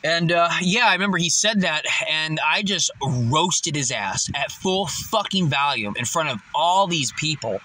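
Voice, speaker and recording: A young man casually telling a personal story, swearing constantly and getting loud and emphatic as he goes. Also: a little high, unhurried, few pauses. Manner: swears constantly, animated, gets loud and emphatic when recounting confrontations.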